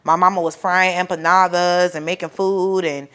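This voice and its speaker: A young woman telling the story of her home birth to the camera, casual and profane, acting out what people said loudly and growing soft and quiet when emotional. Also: fairly low pitch, moderate pace, clear, resonant tone. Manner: animated, profane, acts out quoted voices loudly.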